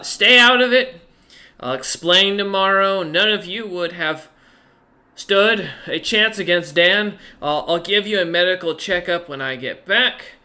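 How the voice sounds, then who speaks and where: A man's voice: high voice, bright, forceful tone, full character voice. A man voicing a scheming old granny shopkeeper with a folksy, gossipy drawl.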